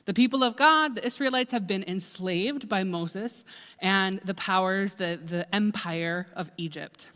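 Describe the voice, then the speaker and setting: A woman preacher retelling scripture as a casual, animated sermon, chatty and full of asides. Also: medium pitch, unhurried. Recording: echoey hall.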